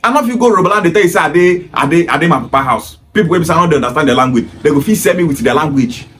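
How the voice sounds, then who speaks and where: A man's voice: on the high side, animated, racing, a bit bright. A Nigerian man with a Pidgin-inflected English accent, delivering an emphatic, repetitive opinion monologue in a lecturing tone. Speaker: commentator.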